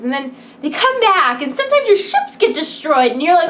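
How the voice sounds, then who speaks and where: A woman vlogger talks casually to her viewers in a fairly high voice, peppy and rambling, with frequent giggles. She sounds wired on coffee in the small hours. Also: big pitch swings, a little fast, few pauses, fairly bright tone, a little hiss or hum. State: wired on coffee late at night. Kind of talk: casual chat to camera.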